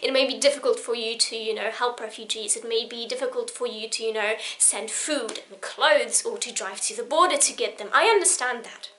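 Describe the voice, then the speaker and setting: A woman's voice: fairly high pitch, fairly quick, few pauses, sharp tone. A woman in her twenties from Poland, talking to camera in an emotional personal vlog, earnest and rambling, with frequent restarts. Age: 20s. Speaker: vlogger.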